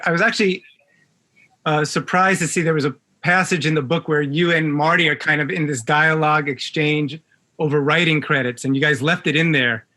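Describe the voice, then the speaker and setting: A man's voice: fairly high pitch, steady tone, fairly quick, bright, forceful tone. A man interviewing a musician, asking long, hedging questions full of fillers.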